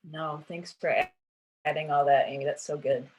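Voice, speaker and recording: A woman's voice: low voice, fairly even intonation, moderate pace, darkish tone, slight background noise, rough recording. A woman in her thirties at a church women's panel, talking casually and candidly, with lots of filler words and self-corrections.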